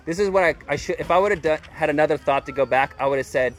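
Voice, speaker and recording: A man's voice: fairly high pitch, racing. A man preaching a sermon in a loose, chatty way, full of "like" and "dude". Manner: informal and chatty, heavy use of "like" and "dude". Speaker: pastor. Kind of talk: casual conversational sermon.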